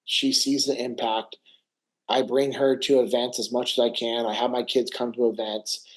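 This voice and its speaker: A middle-aged man, a podcast guest, talks in a casual, animated storytelling way with a mid-range voice. He drops "bro" and "man" into nearly every sentence. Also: mid-range voice, normal speed, poor audio. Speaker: podcast guest, former Navy SEAL. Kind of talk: casual interview chat.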